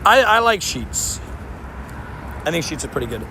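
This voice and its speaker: A man's voice: on the high side, big pitch swings, moderate pace. A man hosting a live stream outdoors near traffic, chatting casually and rambling while laughing easily with viewers.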